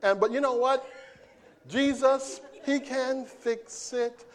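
High-voiced preacher, playful and animated. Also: male voice, takes it slowly. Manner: playful, animated, acts out scenes. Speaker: pastor. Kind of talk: sermon.

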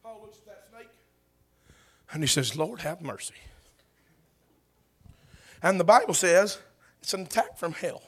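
A man preaching a sermon, telling a story with animation, bursts of shouting and laughter. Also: high-pitched, lively intonation, normal speed, pauses often.

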